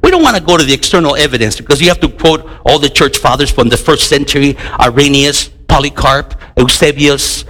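A middle-aged man teaching a lively Bible class, telling stories and acting out the people in them. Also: a little high, rough recording. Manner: animated storytelling, acting out dialogues.

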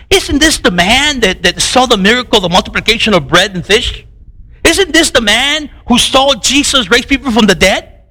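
A man preaching a sermon in a conversational, animated way, asking rhetorical questions and often repeating words as he restarts phrases. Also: high-pitched, rough recording. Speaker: pastor.

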